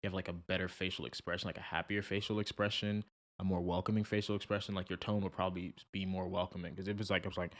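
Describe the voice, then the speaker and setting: A young man co-hosting a podcast, talking in an animated, chatty way with many fillers. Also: low-pitched, quick pace. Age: young adult. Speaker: podcast co-host. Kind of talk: casual chat.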